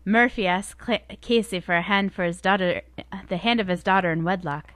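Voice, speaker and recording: A woman's voice: mid-range voice, fairly quick, a bit bright, dry recording. A woman co-hosting a casual talk show, chatting and reading jokes aloud from a list. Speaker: podcast co-host.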